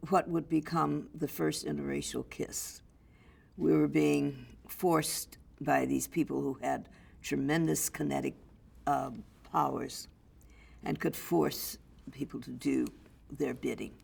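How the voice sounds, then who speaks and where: Older woman with a gravelly, slow voice. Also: low voice. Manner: lively storyteller, acts out others' voices. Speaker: interview guest, actress. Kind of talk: anecdotal storytelling.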